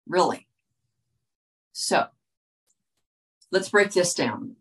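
A wellness speaker with a fairly low, unhurried female voice addresses her viewers directly, earnest and lecturing, frequently pausing to ask "okay?" The audio quality is poor.

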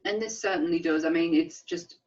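A woman co-hosting a podcast in casual chat, animated, laughing often and restarting her sentences. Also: lowish voice, brisk. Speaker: podcast co-host. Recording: distant, dull lo-fi sound.

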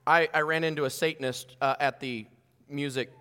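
A bright, sharp-toned man preaches with fervour, his voice pitched high and climbing louder as he presses each point. The sound carries a long reverb, as from a church sanctuary. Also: steady tone, moderate pace, smooth. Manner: fervent preaching, rising loud and high on key points. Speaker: pastor. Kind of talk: sermon.

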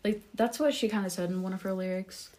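A woman's voice: medium pitch, steady tone, fast talker, mellow. A young woman co-hosting a casual podcast, speaking hesitantly with many fillers and often trailing off. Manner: hesitant, full of likes and ums, trails off. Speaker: podcast co-host. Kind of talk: casual chat.

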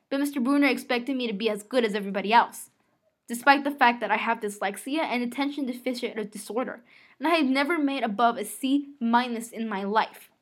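A woman with a fairly high voice reading a novel aloud. She tells the first-person story in a relaxed, conversational way, as if chatting. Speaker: reader.

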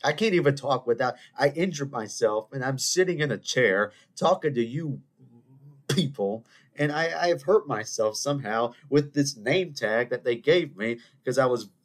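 A young man, hosting a podcast in a casual solo chat. He rambles, jokes at his own expense and talks in an animated way. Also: medium pitch, moderate pace. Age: 20s. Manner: animated, rambling, self-mocking. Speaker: podcast host.

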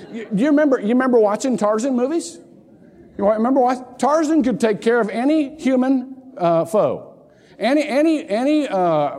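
Animated older pastor in a reverberant church. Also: male voice, high-pitched. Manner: animated storytelling, jokey asides, repeats words. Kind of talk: sermon. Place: church sanctuary. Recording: long hall reverb.

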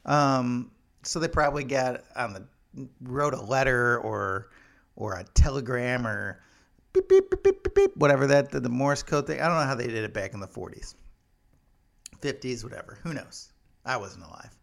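Rambling joking man with gravelly voice. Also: medium pitch, normal speed, a bit bright. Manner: rambling, joking, many fillers. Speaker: vlogger. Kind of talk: comedic casual monologue.

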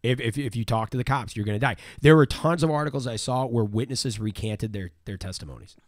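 A man's voice: medium pitch, brisk, dry recording, clean studio sound. Rambling, swearing male storyteller. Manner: rambling, repeats words, swears freely. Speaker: podcast host, storyteller. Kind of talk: casual storytelling chat.

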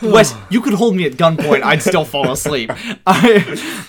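High, lively sleep-deprived young man. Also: unhurried, over music. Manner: rambling, giggly, self-mocking. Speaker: podcast co-host. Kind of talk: late-night casual chat.

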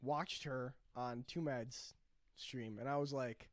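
A man co-hosting a podcast, joking crudely and breaking into loud bursts. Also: medium pitch, steady tone, takes it slowly, dry recording. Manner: joking, loud bursts, puts on mock voices. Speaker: podcast co-host. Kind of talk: crude casual banter.

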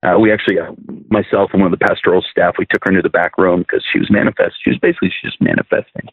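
A man's voice: sits low, fairly even intonation, rapid-fire, dry recording. A man, a minister, earnestly telling a testimony as a podcast guest, often restarting and repeating words. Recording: dry, phone-like narrow sound.

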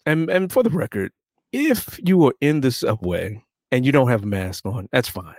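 Relaxed man leading a podcast chat. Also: mid-range voice, moderate pace, no room sound, studio quality. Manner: relaxed, playful, steers the talk. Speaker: podcast co-host. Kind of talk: casual chat and news rundown.

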